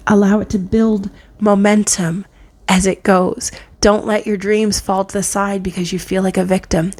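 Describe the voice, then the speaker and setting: A woman giving an earnest spiritual tarot reading, a parent who often drops into soft whispers for emphasis. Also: medium pitch. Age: adult, parent of a child. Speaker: tarot reader. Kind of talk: spiritual pick-a-card reading.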